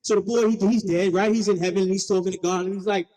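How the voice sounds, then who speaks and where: A man giving a keynote speech, telling stories in an animated, playful, slangy way with frequent call-and-response. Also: sits high, quick pace, hardly any pauses, big-room sound. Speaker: keynote speaker. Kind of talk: storytelling speech.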